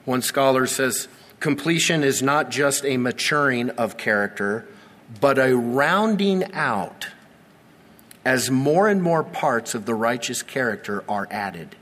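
A man in his forties preaching a sermon, earnest and repetitive, with dramatic slow pauses. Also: mid-range voice, lively intonation, fairly bright tone. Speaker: pastor. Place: church sanctuary. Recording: long reverb of a large church hall.

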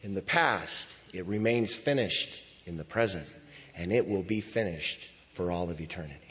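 A man preaching a sermon as pastor in a church, moving between hushed lines and loud cries. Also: low-pitched, normal speed. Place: church sanctuary. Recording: dull sound with long hall reverb.

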